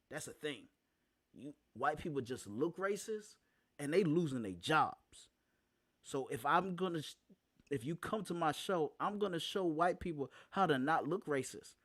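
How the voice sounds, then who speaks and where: A man hosting a live talk show, speaking casually, often laughing and repeating phrases for emphasis, slowing down to stress points. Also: mid-range voice, fairly bright tone, no echo, studio quality. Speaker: show host.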